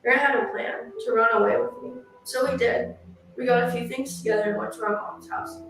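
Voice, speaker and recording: A woman narrating for a true-crime channel, reading a written statement aloud in a steady, earnest way. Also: fairly high pitch, a little fast, creaky, slight background noise. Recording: echoey and distant, music behind. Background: music.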